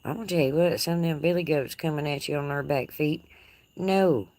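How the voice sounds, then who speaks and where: A woman with a Texas twang chats on a live stream from her front porch, her voice sitting low in its register. She talks in a folksy, teasing way and laughs easily, with crickets chirping faintly behind her. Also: fairly quick, darkish tone, dry recording. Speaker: livestream host. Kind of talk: casual live chat reading comments. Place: outdoor porch.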